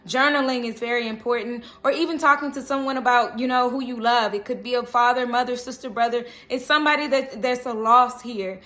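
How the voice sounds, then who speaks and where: A woman's voice: on the high side, fairly quick, hardly any pauses, fairly bright tone. A woman giving a casual, reassuring tarot reading to camera, often checking in with "okay?". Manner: chatty, reassuring, frequent "okay?" check-ins. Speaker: tarot reader.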